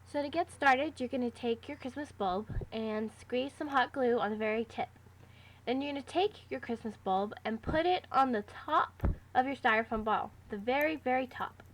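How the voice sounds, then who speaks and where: A craft vlogger explains a craft project in a casual how-to tutorial, chatty and full of fillers as she walks through the steps. Her voice is a little high, her pace moderate, with slight background noise.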